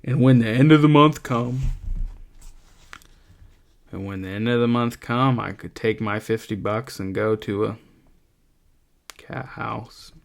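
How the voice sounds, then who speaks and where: A man voicing a weary ranch worker who speaks in a flat, monotonous, resigned way. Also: on the low side, unhurried, creaky, pauses often.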